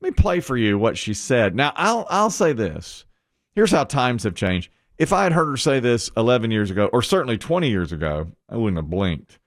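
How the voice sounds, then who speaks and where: A male morning radio host tells stories with his pitch swinging widely, opinionated and quick to laugh. He is close on a dry studio mic. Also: no echo. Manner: animated storyteller, opinionated, laughs often. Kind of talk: casual radio chat.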